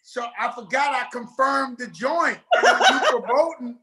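A man's voice: extremely high pitch, expressive, normal speed, pushed and bright, low-quality recording. A middle-aged man talking as a guest in a casual interview, rambling and loose with streetwise slang.

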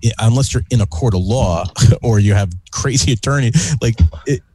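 A man's voice: mid-range voice, fairly quick, a crowd in the background. A man co-hosting a podcast, agreeing and adding earnest points. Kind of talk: casual podcast chat.

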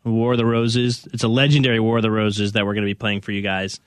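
A man's voice: on the low side, flat delivery, fast, smooth, no echo, clean studio sound. A man hosting a casual radio show podcast, chatty and laughing as he reads listener texts.

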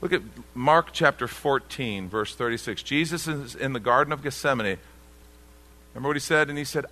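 Bright-voiced male pastor preaching. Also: medium pitch, normal speed, in a large hall. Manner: emphatic preaching with repeated phrases. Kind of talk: sermon. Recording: radio broadcast of a church sermon.

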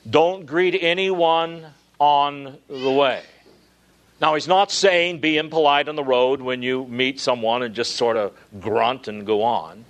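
A man with a fairly high voice delivers an earnest expository sermon. He rises to emphatic peaks and then drops into low, hushed passages to stress a point. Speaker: preacher.

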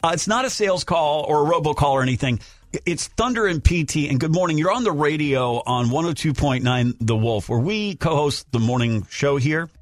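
Lively male morning radio host. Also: on the high side, brisk, no room sound. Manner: energetic, coaxing and incredulous. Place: radio studio. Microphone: studio microphone.

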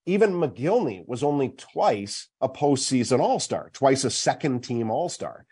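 A man's voice: medium pitch, lively intonation, moderate pace, darkish tone, husky. A middle-aged man hosting a sports talk show, making his case emphatically and at length.

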